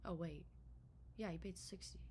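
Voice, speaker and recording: A young woman telling a storytime vlog in a chatty, animated way, full of swearing and filler words. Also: on the low side, moderate pace, slight background noise. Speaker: vlogger.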